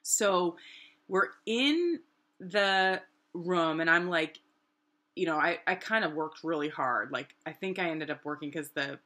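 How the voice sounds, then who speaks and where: A middle-aged woman from New Hampshire, casually telling her own story and acting out what people said. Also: unhurried. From New Hampshire, USA. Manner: animated, acts out quoted voices with big pitch jumps.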